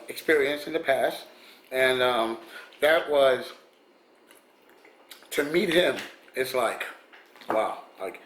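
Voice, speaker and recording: A man's voice: mid-range voice, fairly bright tone, slight background noise. Man rambling through stories in an echoey room. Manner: rambling, with frequent restarts and chuckles. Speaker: vlogger. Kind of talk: casual storytelling.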